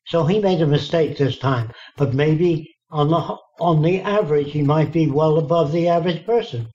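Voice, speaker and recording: On a dull, lo-fi recording, a man being interviewed shares stories in a plainspoken, folksy manner, acting out people's remarks to him. His voice is a touch high and warm, and he keeps a moderate pace.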